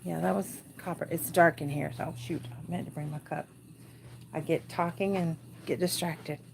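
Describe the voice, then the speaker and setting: A woman's voice: low voice, steady tone, normal speed, gravelly, a little mellow, slight background noise. Chatty American woman streaming live from home. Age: 40s. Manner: chatty, easily distracted, laughs often. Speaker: crafting livestream host. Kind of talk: casual live chat. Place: dark room at home.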